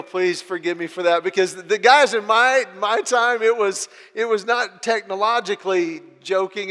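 A middle-aged man with a notably high voice tells humorous personal stories to a live audience. He is animated and self-deprecating, restarting his phrases as he goes. His voice carries the long reverb of a large hall. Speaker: speaker sharing a personal testimony.

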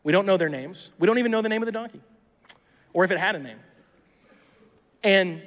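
A tired male pastor preaching a sermon in a conversational, animated way, often acting out imagined dialogues. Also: high voice, fairly quick, big-room sound. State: tired from little sleep.

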